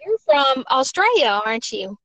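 A woman's voice: high voice, sing-song, normal speed, fairly bright tone. A woman hosting a podcast, reading a set intro and then interviewing a guest in an upbeat way. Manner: upbeat, says wonderful often. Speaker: podcast host.

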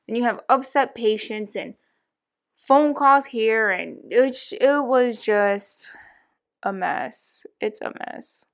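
Young woman podcast co-host, slightly higher voice, blunt casual venting with swearing. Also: slow. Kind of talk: casual chat.

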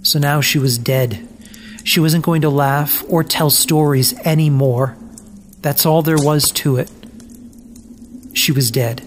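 A narrator reads a children's story aloud at an unhurried pace. The delivery is gentle and deliberate, with mournful pauses between phrases. A faint hiss runs underneath. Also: mid-range voice, fairly even intonation.

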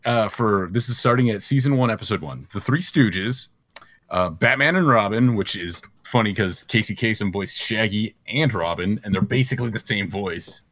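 A man's voice: lowish voice, expressive, moderate pace, fairly bright tone, no echo. A man hosting a casual chat show, rambling through lists with fillers and laughs. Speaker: host.

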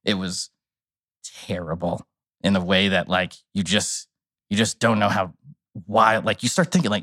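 A man's voice: low-pitched, normal speed. A man telling a wild story on a podcast in casual, profane talk, acting out what people said. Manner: animated, profane storytelling with acted-out quotes. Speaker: podcast guest.

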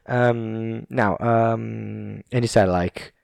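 An Italian man with an Italian accent talks in a low, deep voice at an unhurried pace. He rambles in a casual monologue, laughing often and restarting his sentences. The sound is dry and close. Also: steady tone, vocal fry, a little mellow, no echo. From Italy.

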